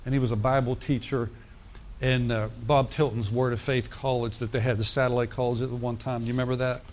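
A man's voice: medium pitch, little pitch movement, brisk, darkish tone, a little hiss or hum. A man preaching, reading scripture aloud and breaking off to comment in a conversational way. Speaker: pastor. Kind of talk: sermon.

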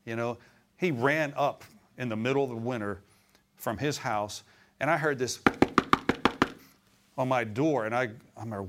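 A man's voice: mid-range voice, unhurried, pauses often, noisy background. A middle-aged man preaching a sermon, telling stories and swelling into emphatic exclamations. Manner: storytelling, rising to emphatic exclamations.

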